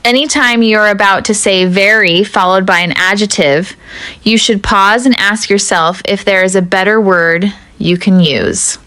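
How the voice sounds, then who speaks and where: A woman teaching an English lesson, her voice smooth and resonant in a close, dry recording. She talks in a measured, deliberate way and addresses the viewer directly, over faint music. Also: medium pitch, fairly even intonation, sharp tone, no echo. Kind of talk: scripted teaching narration.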